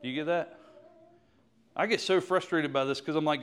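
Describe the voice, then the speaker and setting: A man's voice: on the high side, normal speed, pauses often, a bit bright, smooth. A man preaching a sermon, closing with an impassioned prayer. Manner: impassioned, rising to fervent prayer. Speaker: pastor.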